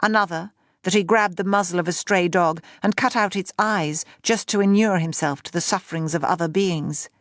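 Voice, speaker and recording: Brief: woman audiobook narrator, lowish voice, measured pace, dry close mic. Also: no room sound.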